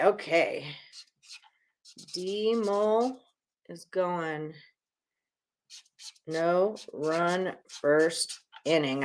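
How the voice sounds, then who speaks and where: A woman's voice: on the low side, fairly bright tone. A woman hosting a sports betting live stream, chatting casually and a bit profanely as she reads viewers' picks while writing them on a whiteboard. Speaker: sports betting show host.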